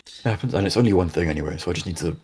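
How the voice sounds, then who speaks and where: Hoarse young man, very low voice. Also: rapid-fire, darkish tone. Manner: laid-back, shrugging things off. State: hoarse, raspy from a sore throat. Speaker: podcast co-host. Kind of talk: casual chat.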